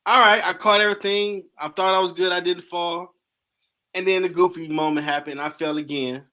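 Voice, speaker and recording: Animated man host telling funny stories. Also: high voice, moderate pace. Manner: animated, acts out dialogue in slang. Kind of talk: casual storytelling.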